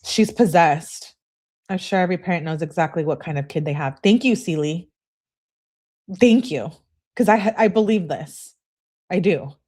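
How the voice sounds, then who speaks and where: A woman's voice: lowish voice, moderate pace, long pauses, dark tone. A young woman who hosts a true crime channel, reading text messages aloud and breaking in with emphatic, indignant remarks.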